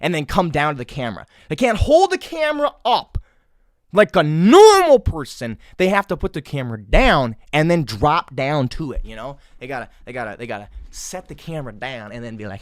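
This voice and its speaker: Sarcastic ranting man, lively swooping voice. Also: fairly high pitch, normal speed, no echo, clean studio sound. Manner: sarcastic, exasperated ranting with crude jokes. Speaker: podcast host. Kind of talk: solo podcast rant.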